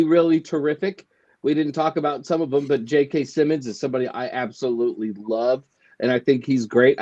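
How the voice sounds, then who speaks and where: A man's voice: mid-range voice, dark tone, highs cut off. A man co-hosting a casual movie podcast, rambling and joking in an easygoing way. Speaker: podcast co-host. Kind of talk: casual chat.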